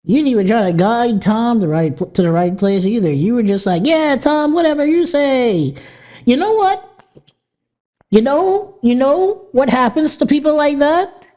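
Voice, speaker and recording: A woman's voice: a little high, expressive, moderate pace, warm tone. Blunt, profane woman ranting. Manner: blunt, profane, laughing, mocking. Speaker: podcast host. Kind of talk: casual ranting monologue.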